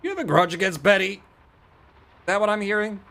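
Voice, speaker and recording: A man's voice: high voice, animated, fairly quick, bright, forceful tone. A man streaming a game live, making sarcastic, chatty asides. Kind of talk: live gameplay commentary.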